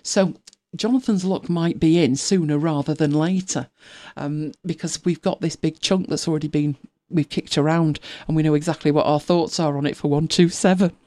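A woman's voice: deep voice, steady tone, moderate pace, dark tone. A woman in her fifties hosting a podcast in casual, rambling chat, laughing often and now and then dropping to a whisper. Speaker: podcast co-host.

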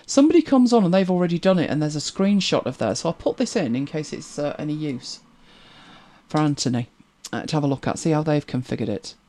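A woman from Britain chatting casually on a live stream, her pitch swinging up and down as she reads out comments. She rambles, hums to herself while scrolling and chuckles easily. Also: animated, fast talker, warm tone.

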